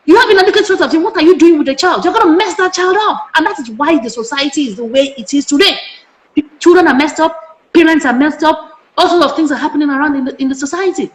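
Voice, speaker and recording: A woman's voice: sits high, fast. A middle-aged Nigerian woman, a parenting educator, speaking passionately in an interview and firing off emphatic rhetorical questions. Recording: echoey room.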